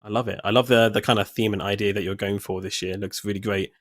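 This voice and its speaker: A man's voice: fairly low pitch, fairly even intonation, quick pace, no echo. A man co-hosting a casual live stream, upbeat and addressing chat directly. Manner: upbeat, talks to chat, promotional. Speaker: community host.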